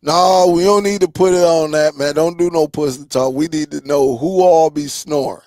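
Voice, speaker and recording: A man's voice: on the high side, moderate pace, a little mellow, no room sound, studio quality. A man hosting a streaming tech channel, chatting loosely with his viewers in a rambling way and laughing often. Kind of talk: casual livestream chat with viewers.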